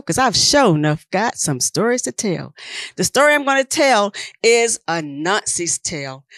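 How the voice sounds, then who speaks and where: A woman storyteller performing a folk tale with rhyming, expressive delivery. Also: medium pitch, dry recording, clean studio sound.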